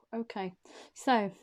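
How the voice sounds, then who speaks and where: A woman does an intuitive tarot reading while short of breath. She sounds hesitant and often repeats her questions.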